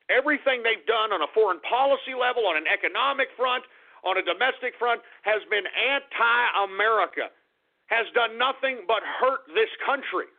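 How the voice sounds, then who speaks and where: A man hosting a political talk radio show, ranting angrily and cursing at his listeners. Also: sits high. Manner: angry, profane, shouting at listeners. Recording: tinny phone-like internet radio audio.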